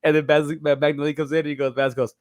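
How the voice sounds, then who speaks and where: A man co-hosting a movie podcast, talking fast in a rambling, animated way and slipping into voices for the people he quotes. The sound is dry and close, with no room around it. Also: a little high, no echo. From Mexico. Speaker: podcast co-host. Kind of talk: casual movie podcast chat.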